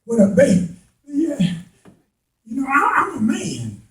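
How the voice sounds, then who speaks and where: A man preaching a sermon to a responding congregation, building from slow talk into impassioned shouts with folksy turns of phrase. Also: extremely high pitch, wildly swooping pitch. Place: church sanctuary. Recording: echoey hall, voice from a distance.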